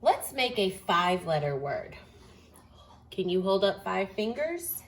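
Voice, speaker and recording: A woman teaching a phonics lesson, speaking slowly and carefully and sounding out each word. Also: mid-range voice, very animated. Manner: slow, deliberate, sounds out words.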